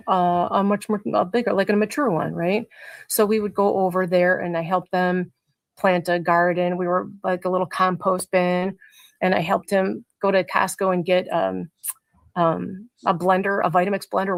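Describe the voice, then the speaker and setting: A woman's voice: mid-range voice, dry recording. A middle-aged woman, a mother being interviewed on a casual livestream over a video call, rambling with many filler words. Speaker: mother of a teenager, interview guest.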